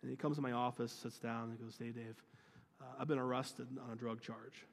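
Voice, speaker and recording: A man's voice: mid-range voice, level tone, brisk, big-room sound. A man, a youth pastor, telling a personal story in an earnest sermon, often restarting and acting out dialogue.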